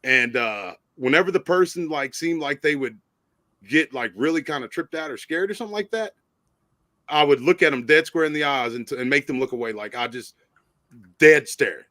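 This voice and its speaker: A man's voice: a little high, expressive, moderate pace, a bit bright, no echo. A man hosting a live stream, telling a long story in casual chat, stammering and laughing as he goes. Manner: rambling, stammering, laughs often.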